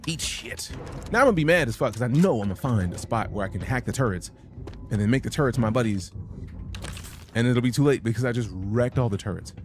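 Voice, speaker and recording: A man's voice: medium pitch, expressive, fast talker, a little hiss or hum. A young adult man streaming a game live, chatting casually, with profane, joking commentary and sudden sing-song bursts. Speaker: gaming streamer.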